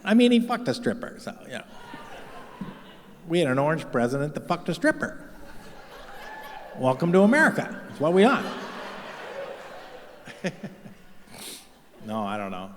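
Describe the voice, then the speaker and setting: A man's voice: a little high, wildly swooping pitch, unhurried, pauses often, slight background noise. A middle-aged man doing a crude, profane stand-up comedy set on stage, mocking and punching up each line. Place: large comedy venue with live audience. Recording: live stage mix with hall reverb.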